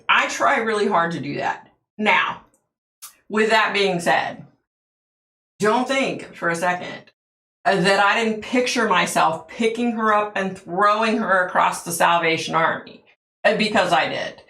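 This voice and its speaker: Woman, casual live-chat host, animated storyteller, bright tone, roomy echo. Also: mid-range voice, moderate pace, gravelly, a little hiss or hum. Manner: chatty storytelling, animated asides to viewers. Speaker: psychic channel host. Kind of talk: casual livestream chat with viewers.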